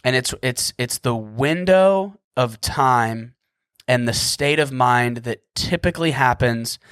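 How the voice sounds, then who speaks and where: A man's voice: mid-range voice, slow, a bit bright, clear, resonant tone, no echo, clean studio sound. A man in his thirties hosting a solo podcast, goofy and rambling, at times frantic and sarcastic. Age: 30s. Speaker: podcast host.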